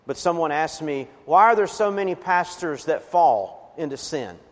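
Earnest pastor in a reverberant hall. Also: male voice, a little high, lively intonation, normal speed. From Appalachian region of the US. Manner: earnest preaching, emphatic swells on key words. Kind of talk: sermon.

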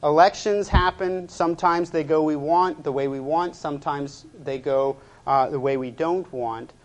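Halting male pastor preaching. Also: fairly high pitch. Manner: hesitant, many "uh" fillers, measured delivery. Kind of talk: sermon.

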